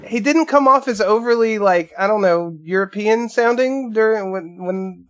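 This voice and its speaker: A man's voice: sits high, moderate pace, soft background music. A man co-hosting a podcast, recapping a film casually in a laid-back, hesitant way, laughing along. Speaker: podcast co-host. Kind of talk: casual chat about a film.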